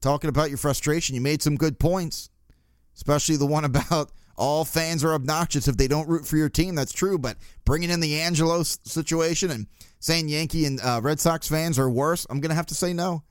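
A man's voice: on the high side, fairly even intonation, fairly quick, smooth, no echo, clean studio sound. A man hosting his own podcast, ranting casually and sarcastically, often laughing. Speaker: podcast host. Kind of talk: casual solo podcast rant.

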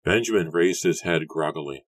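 A man narrating an audiobook in an even, steady storytelling manner. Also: deep voice, normal speed, no echo. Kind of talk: scripted narration.

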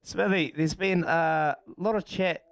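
Playful Kiwi co-host, slightly high. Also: male voice, fairly even intonation, measured pace, no echo. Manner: playful, giggly. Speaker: radio sports show co-host. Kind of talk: casual radio banter.

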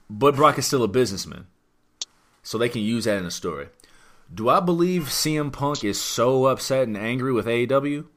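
A podcast host whose voice is on the low side and fairly bright in tone talks through wrestling news. It's casual chat, rambling and emphatic, filled with rhetorical questions.

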